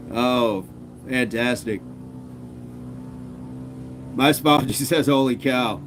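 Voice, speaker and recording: A man's voice: mid-range voice, extremely slow, long pauses, background noise. Upbeat man reading live chat aloud. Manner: upbeat, reads viewer comments aloud, laughs often. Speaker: fitness streamer. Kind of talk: casual live-stream chat.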